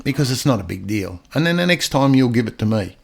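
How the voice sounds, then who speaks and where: A man's voice: mid-range voice, sing-song, vocal fry, slightly rough. An older man with an Australian accent, a retired police officer telling stories in a casual interview, often repeating words as he goes. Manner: halting, repeats words as he talks.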